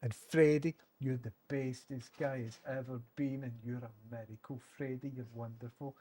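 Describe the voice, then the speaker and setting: A man's voice: medium pitch, steady tone, moderate pace, hardly any pauses, mellow. Man cooing over his dog. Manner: doting, cooing baby talk to his dog. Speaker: streamer. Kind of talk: casual live stream chat.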